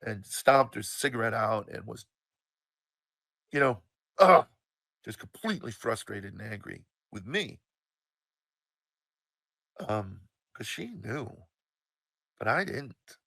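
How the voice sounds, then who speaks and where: Man, 60s, animated emphatic storyteller, forceful tone, dry close mic. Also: on the low side, creaky, no echo. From United States. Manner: animated, emphatic, swears, drawn-out pauses. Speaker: storyteller, show host. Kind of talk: casual personal storytelling.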